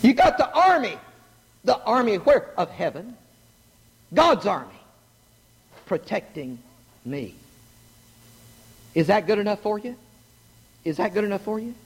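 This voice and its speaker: A middle-aged man preaching a sermon, animated and joking, asking the congregation questions. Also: sits high, a little slow, long pauses, husky. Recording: long hall reverb.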